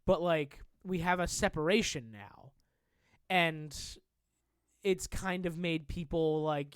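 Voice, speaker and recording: A man's voice: on the high side, expressive, slow pace, long pauses, clean tone, no echo. A young man co-hosting a podcast, talking casually and animatedly, swearing and mocking as he goes. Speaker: podcast co-host. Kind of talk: casual chat.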